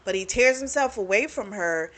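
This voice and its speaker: A woman's voice: mid-range voice, animated, a bit bright. A woman book reviewer casually retelling a novel's plot, chatty and laughing often, with lots of "you know" and "like" fillers, briefly voicing the characters' lines. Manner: acts out characters' lines in quick asides.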